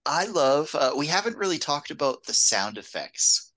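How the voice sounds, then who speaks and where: Bright-voiced man, chatty podcast co-host. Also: fairly high pitch, very animated, normal speed, low-quality recording. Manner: laughs often, goes on tangents, restarts sentences. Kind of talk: casual film discussion.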